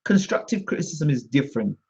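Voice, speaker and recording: This time the British host's voice is mid-range and darkish with a breathy edge, swinging widely in pitch and moving a little fast. He delivers an indignant, combative monologue to camera on his channel, repeating himself, over dull lo-fi sound.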